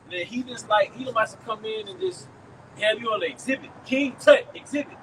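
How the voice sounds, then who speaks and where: A man preaching to a camp outdoors in loud, emphatic street slang. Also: extremely high pitch, sing-song, fairly quick, gravelly. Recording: distant mic, traffic noise outdoors.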